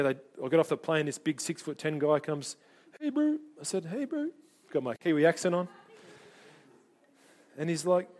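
A middle-aged man preaches with a fairly high voice that climbs and drops with his stories. He tells anecdotes in an animated way and briefly takes on the voices of the people in them. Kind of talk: sermon with personal stories.

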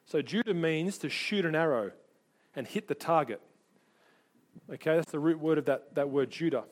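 Animated man preaching a sermon. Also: on the high side. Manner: animated storyteller, doing quick voices for people in his anecdotes. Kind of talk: sermon with personal stories.

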